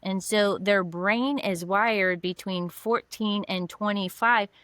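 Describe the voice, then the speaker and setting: A middle-aged woman counselor talks in an animated, conversational way, often slipping into quick voices for the people in her examples. Her voice sits at a mid pitch and the recording is close and dry, with no room sound. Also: clean tone, dry recording. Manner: animated, acts out dialogue in voices. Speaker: mental health counselor, guest. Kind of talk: conversational explaining with acted examples.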